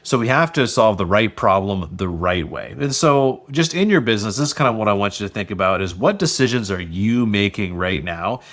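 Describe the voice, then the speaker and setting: A man's voice: lowish voice, animated, a little fast, few pauses, fairly bright tone. A middle-aged man hosting a solo business podcast, rambling through anecdotes and acting out the people he quotes. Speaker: podcast host and restaurant business coach. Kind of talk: casual solo podcast talk.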